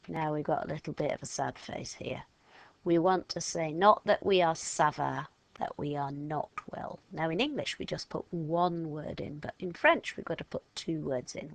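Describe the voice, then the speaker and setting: A woman leads a gentle phonics lesson for young learners. She speaks very slowly, with a low, gravelly voice, and draws out each sound she demonstrates. The recording is close and dry. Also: dry recording. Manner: slow, patient, modelling sounds aloud and stretching words. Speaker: French teacher. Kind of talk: step-by-step phonics lesson for children.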